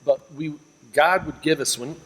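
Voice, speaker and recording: A father and church leader giving a steady, earnest faith testimony in an interview. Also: on the high side, moderate pace. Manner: steady, earnest, drops quiet on emotional lines. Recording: echoing reverb with faint ambient hiss.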